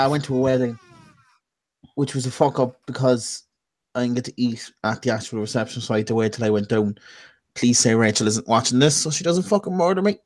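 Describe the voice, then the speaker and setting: A young man chatting casually on a podcast, rambling through a story and swearing freely. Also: mid-range voice. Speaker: podcast co-host. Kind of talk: casual chat.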